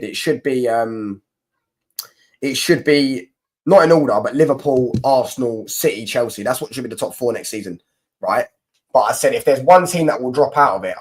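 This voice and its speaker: A young man chats loosely on a football live stream, teasing rival supporters and answering viewers. His pitch sits at an ordinary middle level for a man. He rambles with frequent restarts and slang. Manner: banter-heavy, mocking rival fans, rambling with restarts. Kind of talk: casual live stream chat reading comments.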